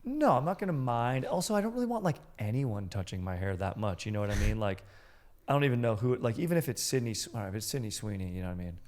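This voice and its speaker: A man's voice: medium pitch, animated, fast talker, darkish tone. A man in his thirties co-hosts a casual comedy podcast. He talks playfully and lays on mock-formal solemnity. His voice sits in the usual middle range for a man. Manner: playful, mock-solemn, drifts into quoted bits. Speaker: podcast co-host.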